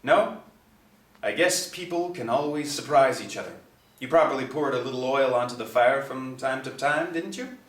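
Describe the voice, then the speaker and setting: A man voicing a dignified, grieving middle-aged superstar father who speaks in a composed, measured way in a storybook reading. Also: mid-range voice, voice pushed up, close to an everyday voice. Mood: pointed. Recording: echoey, distant mic.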